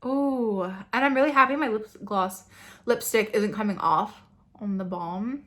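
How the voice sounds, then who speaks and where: A young woman beauty vlogger unboxing products in an excited chat, gasping and gushing as she goes. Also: medium pitch, a little slow.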